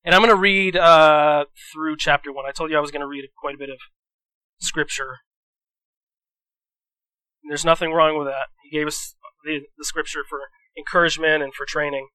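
Bright-voiced male preacher, casual sermon. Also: a little high, fairly even intonation, normal speed, no room sound, poor audio. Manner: conversational, rambling storytelling with restarts.

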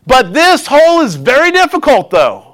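A high-voiced male pastor preaching a sermon. He tells stories in a conversational way and draws in the congregation with call-and-response asides. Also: huge pitch swings, normal speed, a bit bright.

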